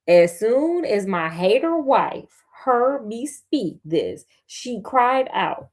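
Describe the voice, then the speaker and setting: A woman's voice: mid-range voice, sing-song, slow pace, hardly any pauses, a little mellow. Sassy woman reading a fairy tale aloud. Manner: sassy, slangy, playful commentary between passages. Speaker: storyteller.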